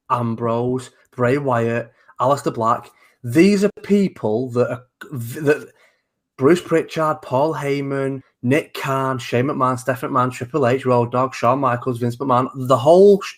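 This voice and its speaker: This is a man in casual chat on a talk show. He talks in an animated, rambling way, swears freely and keeps restarting his sentences. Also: medium pitch. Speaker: co-host of a wrestling talk show.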